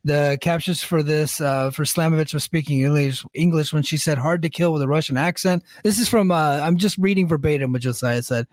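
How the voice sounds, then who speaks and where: A man's voice: on the high side, brisk, hardly any pauses, darkish tone, no echo, studio quality. Man recapping with frequent laughs. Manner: laughs often, loose and joking with fillers. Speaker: podcast co-host. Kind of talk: casual wrestling podcast recap.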